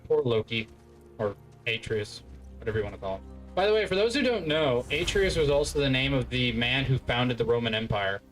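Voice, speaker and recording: A man's voice: mid-range voice, expressive, brisk, faint music behind, rough recording. A man from the United States giving casual gameplay commentary, rambling into chatty asides. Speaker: streamer.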